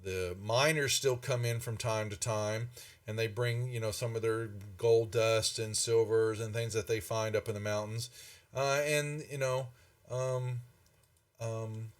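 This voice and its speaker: A man's voice: on the low side, steady tone, measured pace, lightly acted. Man doing a weary, resigned innkeeper. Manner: resigned, explaining.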